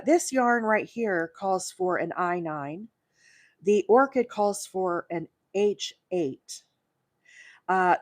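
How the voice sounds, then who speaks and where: A woman's voice: medium pitch, no room sound, clean studio sound. A woman from Alabama hosting a live crochet tutorial, talking casually and poking fun at herself, with plenty of fillers and asides to viewers. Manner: chatty and self-deprecating, with many fillers and asides to viewers. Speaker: crochet livestream host.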